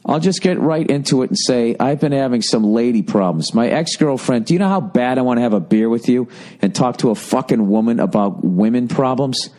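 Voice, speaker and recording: A man's voice: mid-range voice, lively intonation, brisk, dark tone. A man hosting a comedy podcast, ranting casually and profanely while reading listener letters. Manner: profane, rambling, sarcastic. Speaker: podcast host.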